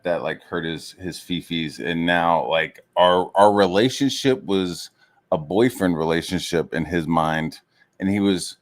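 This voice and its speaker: Streamer, male, deeper voice, heated swearing rant, mocks others. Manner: heated, swears constantly, full of fillers. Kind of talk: profane rant.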